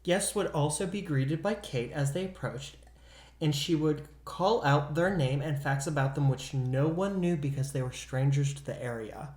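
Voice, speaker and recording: A man co-hosting a podcast, telling a ghost story in an animated, casual way and acting out voices. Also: on the high side, normal speed, reverberant. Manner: animated, acts out voices in quotes. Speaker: podcast co-host.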